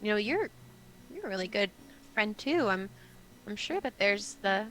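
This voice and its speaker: A woman's voice: medium pitch, sing-song, fairly bright tone, slight background noise, low-quality recording. A woman voicing a kind, awkward father talking to his teenage daughter. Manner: halting, kind. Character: gentle, awkward dad of a teen girl.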